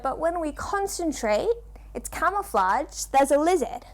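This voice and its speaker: A woman's voice: high voice, expressive. A woman guiding children through a yoga story, playful and encouraging, asking them questions and drawing out her instructions. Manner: slow, drawn-out instructions. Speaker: kids yoga teacher.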